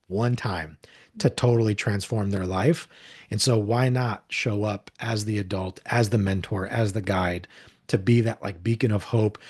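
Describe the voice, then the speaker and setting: A man's voice: on the low side, a little mellow, slightly rough. A man in his forties from upstate New York, a podcast guest telling heartfelt stories in a casual, earnest way. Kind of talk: casual conversational storytelling.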